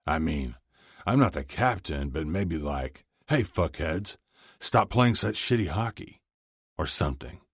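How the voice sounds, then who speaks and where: A man's voice: rumbling low, animated, measured pace, slightly rough, dry recording, studio quality, full character voice. A man voicing a crude, blunt young male hockey player who swears freely.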